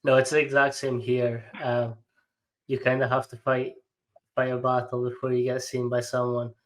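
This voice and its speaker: A man's voice: mid-range voice, monotone, moderate pace, a little hiss or hum. A man hosting a podcast in casual conversation, speaking hesitantly with restarts. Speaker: podcast host.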